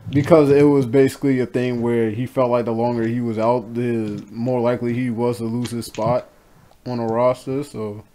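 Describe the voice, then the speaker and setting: A man's voice: mid-range voice, little pitch movement, normal speed, dark tone. A man co-hosting a wrestling podcast, talking in a loose, rambling, slangy way. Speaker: podcast co-host. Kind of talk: casual wrestling podcast chat.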